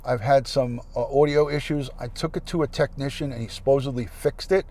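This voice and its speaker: A man's voice: mid-range voice, fairly even intonation, fairly quick, mellow. A man hosting a casual livestream, chatting and thanking viewers by name into a plug-in mic. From United States. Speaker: livestream host.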